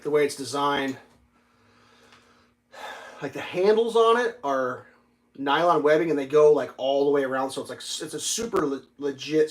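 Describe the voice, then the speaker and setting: A man hosting a casual livestream, telling a story with lots of swearing and loudly acting out the dialogue. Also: medium pitch. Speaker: livestream host.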